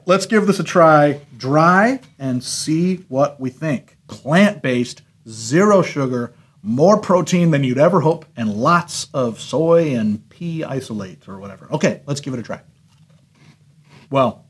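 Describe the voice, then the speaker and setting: Husky, animated man reviewing cereal. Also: on the high side. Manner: animated, laughing, exaggerated disgust. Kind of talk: casual review vlog.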